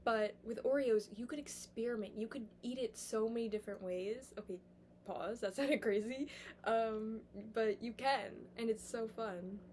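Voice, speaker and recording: A woman's voice: fairly high pitch, moderate pace, slight background noise. Rambling young woman musing aloud. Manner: rambling, animated, drifts into soft whispers. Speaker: vlogger. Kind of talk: casual musing monologue. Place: indoors, sitting on the floor.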